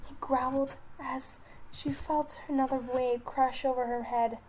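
A young woman telling an animal story, reading slowly and haltingly with restarts and soft whispered asides. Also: high-pitched, fairly even intonation, a little hiss or hum, poor audio. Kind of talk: story narration.

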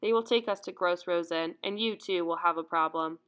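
A woman voicing a gentle, brave young female doctor who speaks softly and calmly. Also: fairly low pitch, brisk, clear, resonant tone, lightly acted. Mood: calm, earnest. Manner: soft, calm, pleading.

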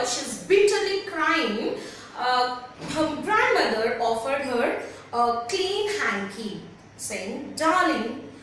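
A woman teaching a story lesson to students, patient and repetitive, pausing to have them underline words. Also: high-pitched, fairly bright tone, recorded from a distance. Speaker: English teacher. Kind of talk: online class lesson explaining a story. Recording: very echoey room, away from mic, faint noise.

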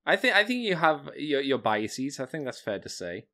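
A man's voice: medium pitch, big pitch swings, moderate pace, pushed and bright. A man co-hosting a fan podcast in casual chat, blunt and sardonic, with the odd swear word. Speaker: podcast co-host.

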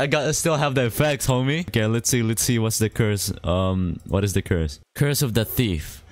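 A man's voice: medium pitch, no echo. A man giving casual gameplay commentary, exasperated, repeating his complaints and calling everyone bro. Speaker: gaming YouTuber.

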